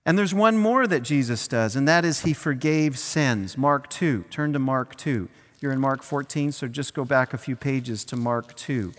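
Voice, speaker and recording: A pastor preaches conversationally in a church, now and then acting out little scenes. His medium-pitched, slightly bright voice moves at normal speed with hardly any pauses, wrapped in long hall reverb.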